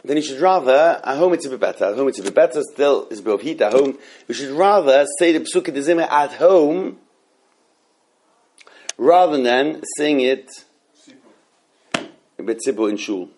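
A man's voice: mid-range voice, lively intonation, normal speed, pauses often, darkish tone. A man teaching a halacha class in a rambling way, with many restarts and fillers. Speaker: Torah teacher.

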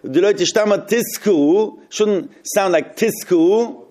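A man with a high, slightly mellow voice leads a group text study. He reads passages aloud slowly, then explains them and puzzles over their meaning.

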